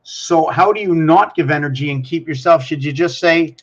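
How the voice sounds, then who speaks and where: In a muffled recording, a man hosts his own vlog, rambling through loose musings aimed at himself and the camera. His voice is a little high and fairly bright, and he speaks at a moderate pace.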